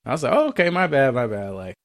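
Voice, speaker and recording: Animated man telling a story. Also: medium pitch, fast, no echo, studio quality. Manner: animated, acts out both sides of a story. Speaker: podcast co-host. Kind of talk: casual storytelling chat.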